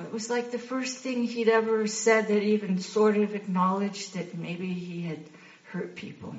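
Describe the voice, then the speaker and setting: Woman, 60s, heartfelt storyteller, halting delivery, dull echoey recording. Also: medium pitch. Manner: candid, halting, laughs often. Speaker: guest sharing a recovery story. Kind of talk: personal storytelling.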